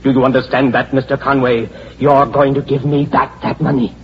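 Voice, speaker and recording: A man's voice: mid-range voice, little pitch movement, normal speed, noisy background, natural voice. An actor playing a desperate, furious male investor demanding his savings back, in 1940s radio acting on a dull lo-fi old radio recording. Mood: angry. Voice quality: tense, demanding. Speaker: swindled stockholder.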